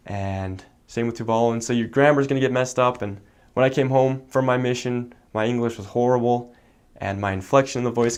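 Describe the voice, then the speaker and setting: A young man from the United States, a returned missionary, explaining a language in a relaxed way with many fillers. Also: mid-range voice, clean tone. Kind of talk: casual explanation.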